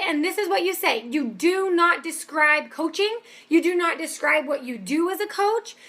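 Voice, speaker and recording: A woman's voice: sits high, bright, forceful tone. A woman giving an upbeat, emphatic motivational training talk as a business coach. She keeps checking in with her listeners with "okay?".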